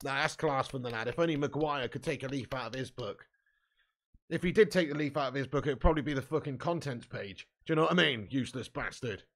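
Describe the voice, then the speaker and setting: A man hosting a live fan watch-along, commentating excitably, swearing freely and shouting at chances. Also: a little high.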